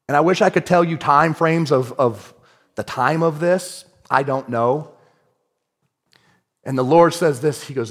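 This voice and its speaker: A male pastor telling a story in a sermon, swinging between hushed storytelling and shouting. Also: mid-range voice, moderate pace, big-room sound.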